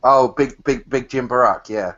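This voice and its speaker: A man's voice: mid-range voice, moderate pace, a bit bright. Guy rambling on a call, repeats himself, muffled sound. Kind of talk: casual group chat. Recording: dull lo-fi online call.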